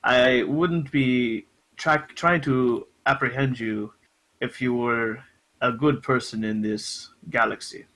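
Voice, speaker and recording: A man voicing a cold professional male bounty hunter in a tabletop game, speaking slowly and formally. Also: mid-range voice, fairly even intonation, fairly bright tone, rough recording. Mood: coldly formal. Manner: slow, measured, formal.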